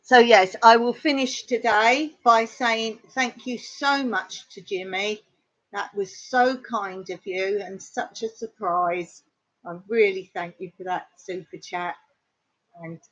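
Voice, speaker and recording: A woman's voice: medium pitch, steady tone, takes it slowly, a bit bright. Chatty Englishwoman, lo-fi live stream. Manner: chatty storyteller, laughs often, mimics others' pronunciation. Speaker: livestream host. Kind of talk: casual live-stream chat. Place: home in rural Cyprus. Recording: dull lo-fi sound.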